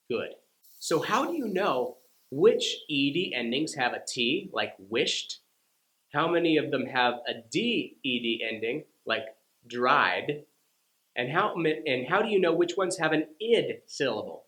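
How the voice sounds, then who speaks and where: A man teaching English pronunciation, taking his time and spelling out each sound with deliberate care. His voice sits in a middle register and carries a roomy echo from the space around him. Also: mid-range voice, fairly bright tone. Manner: slow, deliberate, over-articulated demonstrations. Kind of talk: scripted lesson to camera.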